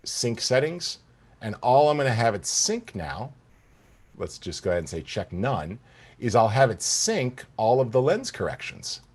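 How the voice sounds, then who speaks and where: A middle-aged man giving an enthusiastic live software demonstration, talking straight to the viewers and checking in with them often. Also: mid-range voice, very animated, a little slow, husky. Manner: enthusiastic, addresses viewers directly with "guys" and "right?". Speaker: software presenter.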